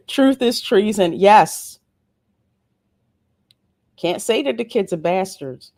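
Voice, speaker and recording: A woman hosting a casual solo livestream review of a TV episode. She reads viewer comments aloud and answers them in a relaxed, playful way with frequent asides. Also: mid-range voice, slow pace, no room sound. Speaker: host of a show review channel.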